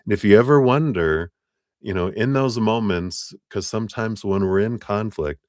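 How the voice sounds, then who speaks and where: A man's voice: fairly low pitch, normal speed, darkish tone, no echo, studio quality. A man giving a live tarot reading, chatty and rambling, often breaking into laughter. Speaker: tarot reader.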